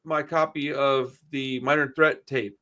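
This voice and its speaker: A man's voice: mid-range voice, steady tone, measured pace, bright, forceful tone. A middle-aged man from Texas, a podcast host, telling a long rambling story in casual chat, swearing freely and calling everyone dude and bro. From Houston area, Texas.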